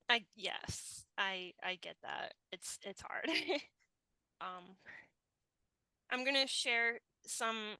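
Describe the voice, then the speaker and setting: A woman hosting a casual group chat, gentle and halting, with small laughs between turns. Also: fairly high pitch, clear, resonant tone, no echo, low-quality recording. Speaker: podcast host.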